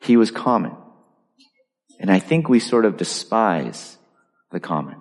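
A man preaching a sermon in a conversational style, full of asides and lively storytelling. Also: fairly low pitch, a little slow, long reverb tail. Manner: animated, conversational, lots of asides. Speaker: pastor.

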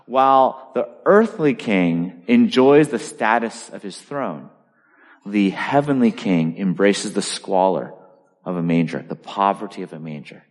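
A man preaching a sermon in a conversational style, full of asides and lively storytelling. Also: fairly low pitch, unhurried, long reverb tail. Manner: animated, conversational, lots of asides. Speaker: pastor.

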